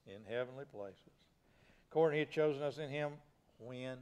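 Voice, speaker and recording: A man's voice: medium pitch, normal speed, a little mellow, clean tone, highs cut off. A male pastor preaching a sermon in a folksy, plain-spoken way, asking the congregation rhetorical questions.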